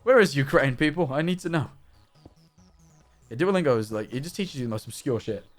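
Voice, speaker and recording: Over soft background music, a man streaming his gameplay chats casually and rambles, often restarting and using fillers. He has a mid-range voice with lively intonation and talks a little fast.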